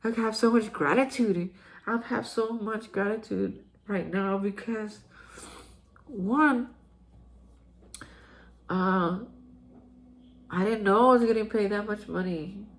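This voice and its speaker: Woman, earnest personal storytelling, emotional, mid-pitched, lots of fillers and restarts. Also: takes it slowly, pauses often. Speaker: host sharing daily recovery reflections.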